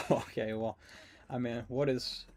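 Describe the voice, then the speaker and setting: A man's voice: medium pitch, fairly even intonation. A man giving casual, joking commentary while playing a match with a friend. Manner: joking, teasing, quick asides. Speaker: caster and player.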